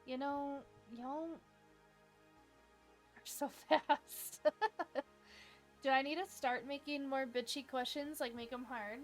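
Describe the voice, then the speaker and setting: A young woman with a fairly high voice hosts a livestream trivia game in a chatty, upbeat way. She fills her talk with "like" and asides to viewers. Soft music plays faintly behind her. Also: steady tone, moderate pace, few pauses. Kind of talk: casual livestream chat.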